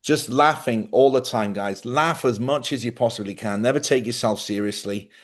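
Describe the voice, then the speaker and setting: A man's voice: mid-range voice, moderate pace. A middle-aged man, hosting a casual livestream monologue, a chatty storyteller who laughs often and acts out other people's voices. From Ireland. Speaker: livestream host.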